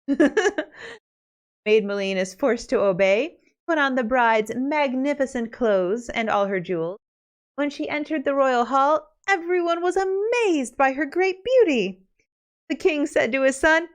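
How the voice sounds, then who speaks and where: A woman's voice: a little high, expressive, unhurried. Chatty woman retelling fairy tales. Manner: chatty, laughs between asides. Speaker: podcast host. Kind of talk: casual fairy-tale retelling.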